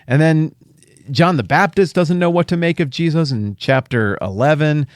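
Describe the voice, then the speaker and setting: A middle-aged man hosting a podcast, teaching the Bible in a casual, animated way with jokey asides and playful paraphrases. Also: a little high, moderate pace, no room sound, studio quality.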